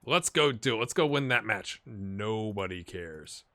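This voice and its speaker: Excitable man commentating his football game. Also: on the low side, a little slow. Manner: excitable, swings from mumbling to shouting at near misses. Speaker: gaming YouTuber. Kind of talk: let's-play commentary.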